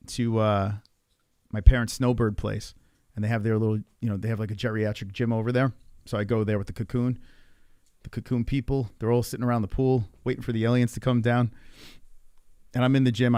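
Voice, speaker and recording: A man's voice: mid-range voice, little pitch movement, a little fast, a little mellow, clear, resonant tone, no echo, clean studio sound. Profane ranting man. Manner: profane, rambling, exasperated. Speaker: streamer. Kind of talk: ranting casual monologue.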